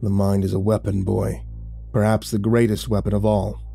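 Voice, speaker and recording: A man voicing a stern, aging male priest mentor with a gravelly voice, low and commanding. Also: little pitch movement, moderate pace, mellow, no echo, soft background music. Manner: stern, commanding, dry chuckle.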